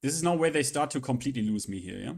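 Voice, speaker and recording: A man's voice: mid-range voice, lively intonation, racing, creaky, a little mellow, husky. A man talks into his desk mic during a live stream, his voice sitting in a middling register. He rants loosely and profanely, exasperated, circling back and restarting his sentences. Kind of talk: casual live-stream rant.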